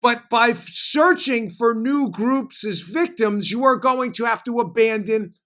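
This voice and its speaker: A man's voice: very high voice, lively intonation, sharp tone. A man hosting a political talk show, speaking emphatically in punchy bursts. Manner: emphatic, fast-shifting, punchy delivery. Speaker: host.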